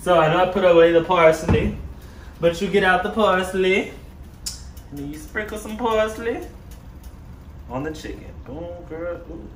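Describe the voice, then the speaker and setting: A man's voice: sits high, normal speed, long pauses, echoey room, a little hiss or hum. A young man vlogging his cooking at home, playful and chatty, talking straight to his viewers and laughing often. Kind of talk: casual cooking vlog. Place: home kitchen.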